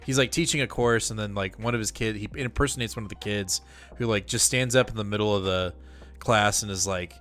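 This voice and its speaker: A man co-hosting a podcast, chiming in with quick agreement and teasing remarks. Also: on the low side, a bit bright, faint music behind. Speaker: podcast co-host. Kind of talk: casual chat.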